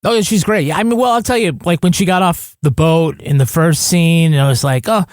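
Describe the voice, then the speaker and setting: A man's voice: on the high side, a little fast, no echo, studio quality. A man on a podcast rambling casually with some swearing. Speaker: podcast co-host. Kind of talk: casual chat.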